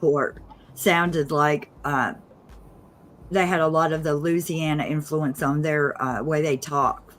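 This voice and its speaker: A woman co-hosting a casual livestream chat, relaxed and chuckling now and then. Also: sits low, measured pace, slight background noise.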